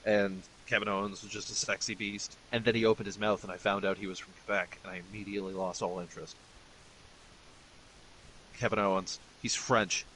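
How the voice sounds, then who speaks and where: A man's voice: lowish voice, flat delivery, brisk, fairly bright tone, slight background noise, poor audio. A middle-aged man streaming games, ranting bluntly and swearing freely in casual commentary. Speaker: gaming streamer. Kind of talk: casual commentary over gameplay.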